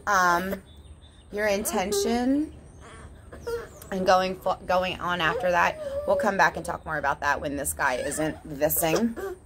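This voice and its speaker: A woman's voice: on the low side, a little slow, background noise. A woman talking in a casual, candid vlog monologue, swearing often and laughing between thoughts. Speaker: vlogger.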